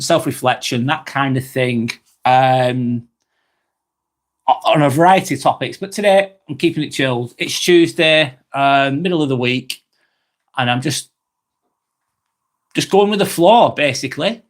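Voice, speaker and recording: A man hosting a slow, rambling live-stream vlog, reading out viewer comments with many fillers and apologies, a little under the weather. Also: mid-range voice. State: slightly under the weather, occasional cough.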